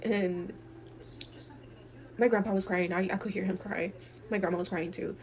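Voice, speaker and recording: A woman's voice: medium pitch, moderate pace, a little hiss or hum. A young woman from Texas telling a wild family story in casual, profane speech, acting out quotes. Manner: profane, animated, acts out quotes. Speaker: guest storyteller.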